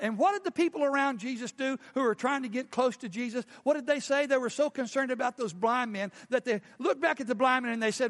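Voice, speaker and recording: A man preaching a sermon as pastor, animated and firing questions at the congregation. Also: very high voice, brisk, hardly any pauses, long reverb tail.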